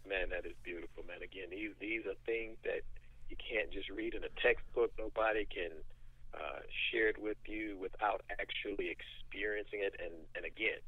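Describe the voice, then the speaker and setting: A man's voice: lowish voice, steady tone, moderate pace, husky, no room sound. A male host giving emphatic, affirming remarks to his guest and steering the interview forward, heard over a tinny line. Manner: emphatic, affirming, builds up energy. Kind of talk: interview hosting. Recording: tinny phone-line sound.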